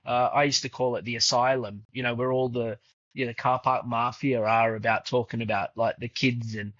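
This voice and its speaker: A man's voice: mid-range voice, fairly even intonation, normal speed, a bit bright, no room sound. A man in his fifties, a podcast guest and footballer's father, telling stories in a chatty way with many fillers. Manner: chatty, many fillers, acts out quoted dialogue. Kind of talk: casual conversational storytelling. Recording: dull lo-fi dry sound.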